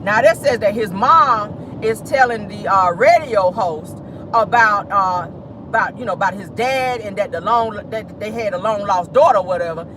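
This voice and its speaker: A vlogger hosting a casual celebrity gossip monologue from inside a car, sassy and quick to laugh, calling listeners "honey" and "child.". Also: mid-range voice, noisy background. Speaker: vlogger and gossip show host.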